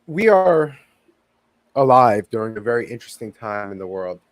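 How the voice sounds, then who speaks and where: A man of middle pitch co-hosts a podcast in casual chat. He often stops and restarts while hunting for a word, and his voice sounds dry and close with no room around it. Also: sing-song, no echo. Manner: halting, loses his words. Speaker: podcast co-host.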